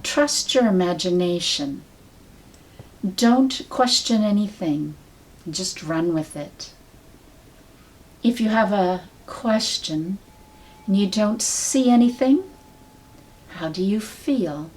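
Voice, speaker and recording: Calm woman teaching sound healing, talks real slow and soft, medium pitch. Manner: calm, measured, soft-spoken.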